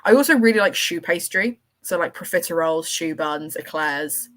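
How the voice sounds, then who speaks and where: A woman's voice: lowish voice, animated, normal speed, fairly bright tone. A woman hosting a livestream, chatting casually and enthusiastically with her viewers as she rambles from one thought to the next. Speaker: livestream host.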